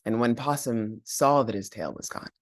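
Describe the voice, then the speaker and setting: A man telling a folk tale aloud in an animated, playful way, with chanted sound effects. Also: medium pitch, moderate pace, no echo, studio quality. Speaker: storyteller.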